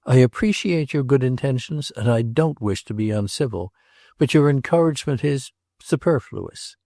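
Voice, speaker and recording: A man's voice: mid-range voice, lively intonation, normal speed, creaky, no echo, studio quality, voice pushed up. A man voicing an impulsive, bitter young male sculptor in a read novel, speaking curtly and defiantly. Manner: sharp, defiant, curt.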